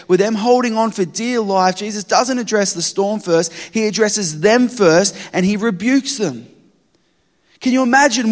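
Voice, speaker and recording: A man preaching a sermon, swinging between loud urgent retelling and hushed quiet. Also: high-pitched. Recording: long hall reverb.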